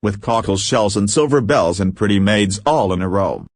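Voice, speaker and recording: Grave alien captain, female role, low voice, read by a man. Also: lively intonation, normal speed, breathy edge, no echo, studio quality. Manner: serious, dutiful.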